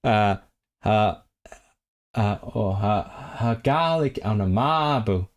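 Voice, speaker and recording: Speaking slowly with a fairly low pitch and lively intonation, this language streamer runs a relaxed livestream about learning languages. He tends to ramble and start over, reading chat messages aloud as he enthuses about languages.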